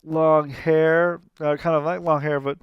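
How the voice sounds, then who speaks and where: A man's voice: fairly high pitch, flat delivery, measured pace, clear, resonant tone, no echo, highs cut off. A man in his thirties hosting a podcast, retelling a cartoon in a casual, rambling way that keeps correcting itself. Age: 30s. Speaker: podcast host.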